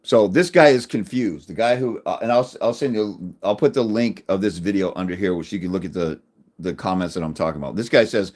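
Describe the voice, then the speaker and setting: A middle-aged man giving a blunt, crude advocacy rant to camera, combative, with many restarts and loud jumps when he makes a point. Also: low voice, a little fast. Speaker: fathers' rights advocate.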